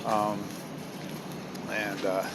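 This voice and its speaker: A man telling a story in a casual, rambling way, sardonic and swearing freely, with many pauses and fillers. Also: on the low side, little pitch movement. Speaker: vlogger. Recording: loud vehicle noise behind.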